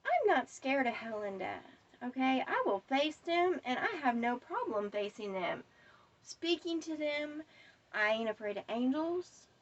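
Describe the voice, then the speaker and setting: High-voiced woman ranting defiantly. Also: big pitch swings, a little slow, recorded from a distance, dull audio. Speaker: vlogger. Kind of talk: angry monologue to camera.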